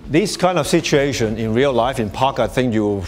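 A mid-range, animated male voice at a moderate pace explains material to an audience in a workshop space, faint music behind. The delivery is conversational, with many restarts, plenty of "you know"s and regular chuckling.

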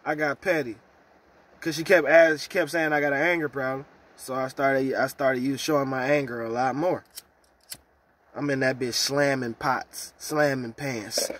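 A man ranting in a profane, heated vlog about trouble at work, swinging from loud outbursts to low mutters. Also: fairly even intonation, normal speed. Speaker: vlogger.

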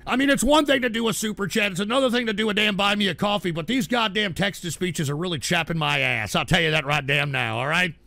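Talking fast and barely pausing, a male streamer reads chat aloud and rants, profane and irritable, his high, raspy voice carrying a tense, sharp bite. He lurches between muttered grumbles and loud outbursts in a close, dry recording without room sound.

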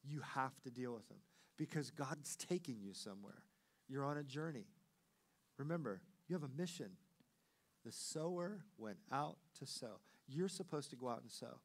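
A middle-aged man, a pastor, preaching a sermon with animated storytelling that swings between loud and hushed delivery. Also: mid-range voice, normal speed, breathy edge.

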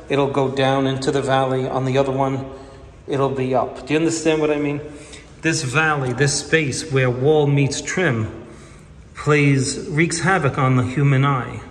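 A man explaining wallpaper installation in a relaxed, storytelling way, often dropping his voice low when recounting talks with clients. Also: a little hiss or hum. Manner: unhurried, storytelling, drops to a near whisper when quoting others. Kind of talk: casual how-to explanation with anecdotes. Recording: distant mic with long reverb.

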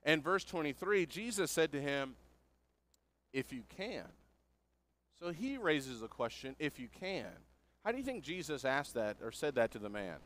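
A man's voice: fairly high pitch, sing-song, normal speed, fairly bright tone. A man preaching a sermon, working through a passage verse by verse in an earnest, explanatory way and putting questions to his listeners.

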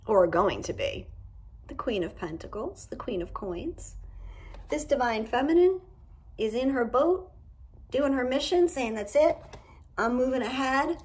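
Husky-voiced woman giving a candid tarot reading. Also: a little high, lively intonation, unhurried, long pauses, a little mellow. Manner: candid and profane, with emphatic asides. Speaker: tarot reader. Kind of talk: casual tarot reading to camera. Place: indoors at home.

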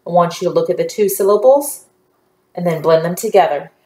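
Drawing out every word slowly, a patient, encouraging woman leads young children through phonics. She speaks at a fairly low pitch with a dark tone, and the sound is reverberant.

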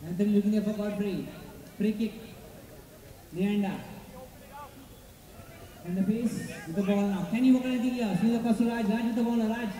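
Male match commentator, high voice, echoey distant loudspeaker at an outdoor ground. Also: fairly even intonation. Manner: rapid player-name calls with playful asides. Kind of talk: live football play-by-play.

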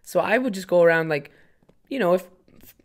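Rambling, swearing young podcast host. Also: male voice, high-pitched, expressive, brisk. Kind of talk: casual comedic monologue.

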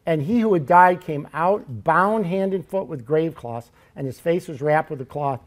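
A man preaching a sermon in a church, telling Bible stories in a lively, joking way. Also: on the high side, normal speed.

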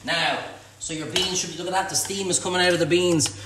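Irish man, high-pitched voice, chef hosting a live cook-along, joking banter, very echoey kitchen. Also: fairly even intonation, a little fast, background noise. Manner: jokey banter, reading out viewer comments. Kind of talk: live-streamed cooking demonstration. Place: home kitchen.

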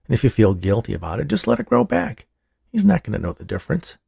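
A brash young orderly, voiced by a man in an audiobook, cocky and offhand, egging his friend on. The voice is low, gravelly and husky, dry and close. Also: wildly swooping pitch, fast, darkish tone, dry recording, exaggerated voice. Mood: scheming.

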